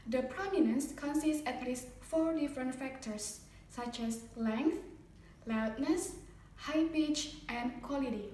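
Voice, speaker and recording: A woman student presenting a scripted phonetics lesson, reading example sentences in a steady, explaining tone. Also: sits high, slow pace, a little hiss or hum. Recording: roomy, distant from the mic.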